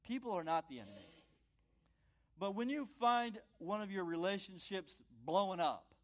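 A man's voice: high voice, animated, normal speed. Earnest male pastor preaching a sermon. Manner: earnest, repeats phrases, rises to loud commands.

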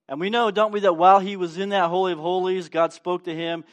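A male pastor delivers a sermon in a church sanctuary, his voice sitting high. He keeps it playful, slipping into the voices of the story's characters and chatting with the congregation. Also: steady tone, quick pace, hardly any pauses.

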